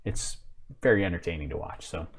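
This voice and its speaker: A man's voice: low-pitched, brisk, husky. A man hosting a live commentary stream, talking casually, thinking aloud and answering viewer comments with self-mocking apologies. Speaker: livestream host.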